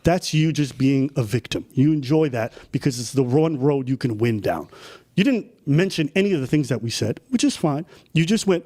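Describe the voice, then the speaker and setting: A man's voice: medium pitch, expressive, normal speed, warm tone. A man streaming a reaction to a clip, talking bluntly and sarcastically with profanity. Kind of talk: casual reaction commentary.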